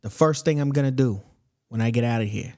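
A man's voice: mid-range voice, fairly quick, darkish tone, lightly acted. A man playing a boastful, dim basement dweller with a Southern accent, rambling and losing his words. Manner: rambling, loses his words, defensive bragging. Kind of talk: improvised comedy character chat.

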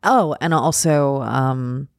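A woman's voice: very deep voice, slow pace, gravelly, no echo, clean studio sound. A woman hosting a podcast, speaking in a supportive, thoughtful way with hesitant phrasing. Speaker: podcast host, actress and director. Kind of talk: casual interview chat.

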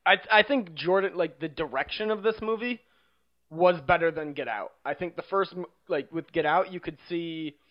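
Eager young man, dull lo-fi sound. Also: on the high side. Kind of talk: casual movie discussion.

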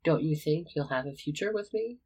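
Bold, teasing schoolboy wizard with a dry wit and a husky edge, read by a storyteller. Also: mid-range voice, expressive, fairly quick, dark tone.

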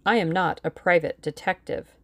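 A woman voicing a shrewd older male lawyer who speaks in a calm, dry, authoritative way. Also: fairly low pitch, normal speed, no echo, lightly acted. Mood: measured.

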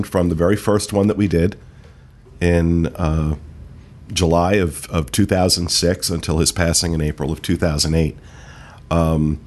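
A man hosting a casual podcast, reading out park news in a relaxed way with many fillers. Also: low voice. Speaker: podcast host. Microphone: studio mic.

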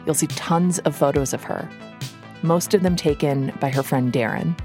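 Low-voiced Minnesotan woman narrating over music. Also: moderate pace, a little mellow. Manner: wry, playful storytelling. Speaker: podcast host and narrator. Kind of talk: scripted narration. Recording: music bed under the voice.

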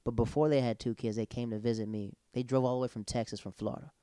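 A man's voice: mid-range voice, fast, clear, resonant tone, no echo, studio quality. A man in casual chat, telling stories with energy and acting out what people said. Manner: animated storyteller, acts out quotes.

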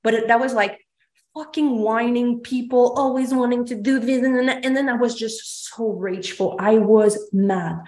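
A woman's voice: fairly high pitch, normal speed. Emphatic woman host, echoey room. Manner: emphatic, swears freely, acts out her own past lines. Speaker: podcast host. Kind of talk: candid confessional chat. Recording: roomy echo.

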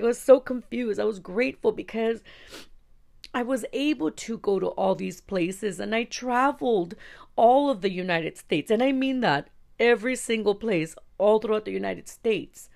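Woman in her 40s from east LA, a bit of vocal fry, cussing and talking straight to listeners as she tells her story. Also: medium pitch, darkish tone. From East Los Angeles. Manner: blunt and profane, talks straight to listeners. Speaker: podcast host telling her story. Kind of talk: casual storytelling.

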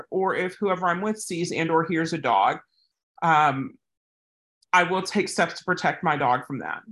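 Her pitch fairly low and her tone slightly bright, a service dog handler replies to a viewer's question for her casual advice vlog. She's chatty, drifting off on tangent after tangent as she rambles.

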